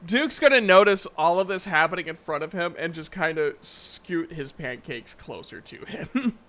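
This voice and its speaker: A man's voice: fairly high pitch, expressive, moderate pace, a bit bright. A man running a tabletop game as dungeon master, joking and laughing often in casual chat.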